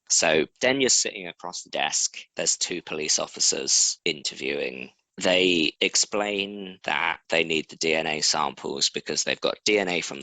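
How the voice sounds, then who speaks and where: A man's voice: a bass voice, vocal fry, bright, forceful tone, no echo, rough recording. A man co-hosting a podcast, telling a true crime story casually with jokes and swearing. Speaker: podcast co-host.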